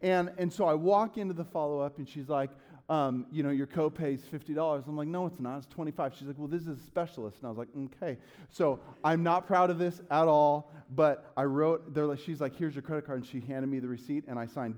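A man preaching a sermon as a pastor, telling a personal story in a lively way and acting out his own loud outbursts. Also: a little high, brisk.

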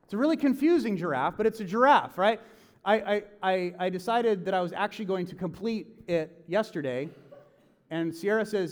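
A man's voice: sits high, moderate pace. A man in his thirties preaching a sermon in a casual, conversational way, acting out the voices he quotes. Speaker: pastor. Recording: long hall reverb.

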